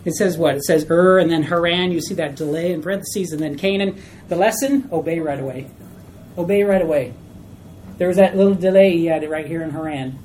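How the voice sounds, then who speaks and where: A woman teaching a small Bible study group in a chatty, animated way, asking questions of the class. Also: lowish voice, slight background noise, rough recording.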